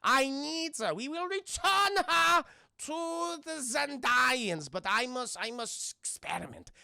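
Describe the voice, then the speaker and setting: A man's voice: extremely high pitch, expressive, slow pace, gravelly, sharp tone, no room sound, clean studio sound, voice pushed up, exaggerated voice. A man voicing a scheming male scientist villain with a thick German accent, pompous and commanding.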